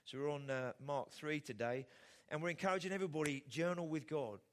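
A middle-aged pastor preaches conversationally, often putting rhetorical questions to his listeners. His voice is fairly high, and he speaks fairly quickly.

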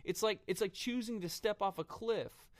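A man preaching a sermon earnestly, often pausing with fillers and restarting his phrases. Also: high voice.

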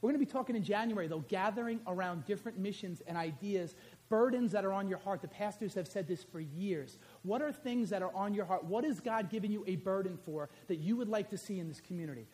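A middle-aged man preaches in a small church with a high, lively voice. He talks straight to the congregation, swinging from loud calls to action to a quiet, confiding telling of a personal story. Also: quick pace. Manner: animated, conversational, addresses congregation directly. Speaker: pastor and high school teacher.

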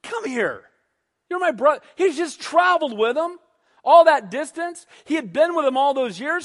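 A man preaching a sermon, animated, who acts out quoted voices and calls for amens. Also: extremely high pitch. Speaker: pastor. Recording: long hall reverb.

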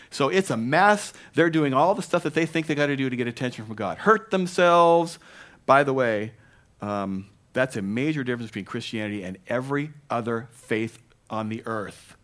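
Lively storytelling male preacher. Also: medium pitch. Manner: lively storytelling with playful asides and dramatized quotes. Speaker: pastor. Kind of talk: sermon.

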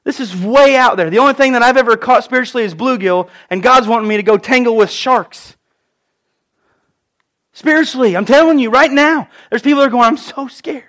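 A man preaching an animated sermon, acting out the voices of the people he quotes. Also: extremely high pitch, fairly quick. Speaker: pastor.

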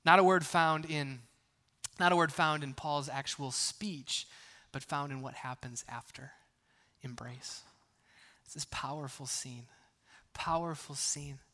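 A man pastor preaching a sermon in a conversational way, with frequent restarts and playful asides, moving between hushed, near-whispered lines and loud, emphatic bursts. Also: fairly high pitch. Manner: playful humor between earnest points.

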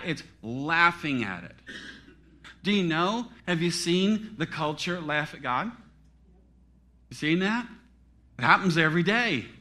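A middle-aged male pastor preaching a sermon, swinging between loud dramatic peaks and hushed, near-whispered drops. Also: sits high.

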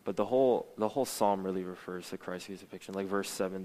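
A man's voice: sits low, quick pace, few pauses, darkish tone, low-quality recording. A young man preaching a sermon and reading scripture aloud, earnest, with many fillers and restarts.

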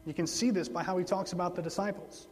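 A man's voice: high-pitched, steady tone, quick pace, a little mellow. Man preaching in a reverberant hall. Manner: conversational, repeats words for emphasis. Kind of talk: sermon. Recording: long hall reverb, faint mains hum.

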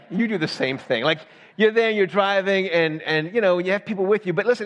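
A pastor from the Southern United States with a fairly high voice delivers a sermon to his congregation in a chatty, conversational style, often checking in with "right?". His voice echoes with long reverb in a large church hall.

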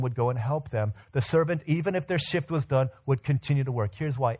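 A man's voice: on the high side, darkish tone. A man preaching a sermon as pastor, telling an everyday story and asking the congregation rhetorical questions.

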